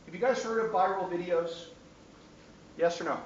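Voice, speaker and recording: Lecturing teacher, man with a high voice, taped from the back of an echoey, dull-sounding classroom. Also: normal speed, distant mic, a little hiss or hum. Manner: keeps checking in with the class.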